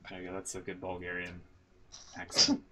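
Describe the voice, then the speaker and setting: A man in his podcast chair, rambling through the week's results in a relaxed, joking way. His voice sits at an ordinary middle pitch. A faint hiss of noise runs under the recording. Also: moderate pace. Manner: rambling, jokey, laughs at his own impressions. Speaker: podcast co-host. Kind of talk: casual wrestling chat.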